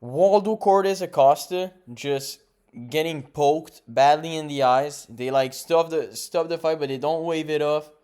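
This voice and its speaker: Young male host, clear smooth voice, rambling casual recap with blunt takes. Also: a little high, measured pace, a little mellow. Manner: rambling, self-correcting, blunt opinions. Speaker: MMA podcast host. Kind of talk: casual fight recap monologue.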